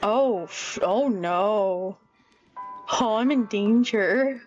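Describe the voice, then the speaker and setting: A woman's voice: medium pitch, extremely slow, a little mellow. A woman streamer giving casual gaming commentary, anxious and rambling, with frequent exclamations, over a dull lo-fi mic and faint music.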